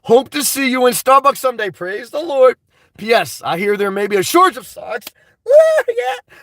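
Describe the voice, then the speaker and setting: A man's voice: very high-pitched, fairly bright tone, no room sound. A man hosting a livestream, reading viewer comments aloud and answering them in a rambling, blunt and crude way. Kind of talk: unscripted livestream chat.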